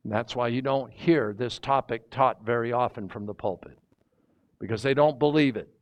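A man's voice: mid-range voice, normal speed. A man teaching a sermon in a conversational way, reading scripture and asking his listeners rhetorical questions. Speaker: preacher.

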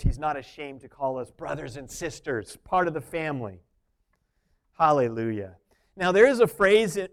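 A man preaching a sermon, moving between soft, intimate asides and loud, emphatic points. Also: fairly high pitch, smooth. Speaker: pastor.

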